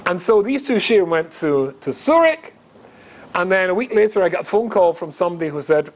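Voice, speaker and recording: Chatty rabbi telling funny stories. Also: male voice, a little high, lively intonation, brisk. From Scotland. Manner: chatty, self-mocking, asks the audience. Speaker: rabbi, guest speaker. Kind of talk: humorous storytelling talk.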